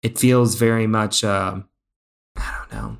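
A man co-hosting a casual film review podcast, animated and heavy on fillers and restarts. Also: on the low side, measured pace. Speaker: podcast co-host.

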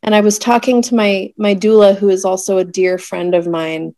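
A woman in her thirties telling a personal story in conversation, emotional and searching, with many pauses and fillers. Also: medium pitch, level tone, dark tone, no room sound. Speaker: guest telling a birth story.

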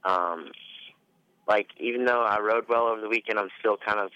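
A man's voice: lowish voice, fairly even intonation, normal speed, pushed and bright, clear, resonant tone, dry recording. A male racer talking as a guest on a radio show, hesitant and full of ums. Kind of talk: casual radio interview. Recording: dull dry radio recording.

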